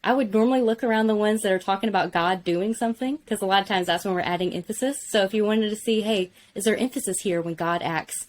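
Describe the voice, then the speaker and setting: A woman's voice: mid-range voice, fast, hardly any pauses, slight background noise. A woman co-hosting a conversational Bible lesson, explaining in an engaged, casual way. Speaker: co-host, teacher.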